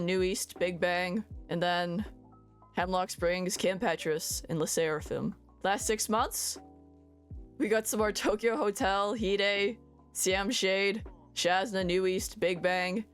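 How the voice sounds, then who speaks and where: A woman's voice: fairly low pitch, fairly even intonation, a little slow. A woman hosting a casual vlog, chatting through her music stats and stumbling over foreign titles with self-deprecating jokes. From Canada. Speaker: VTuber host.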